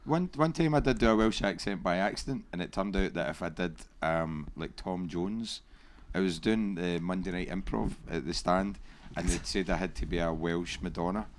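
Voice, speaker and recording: Deep-voiced joking man on a podcast. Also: normal speed, few pauses, a little hiss or hum. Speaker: comedian panelist. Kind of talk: casual comedy podcast banter.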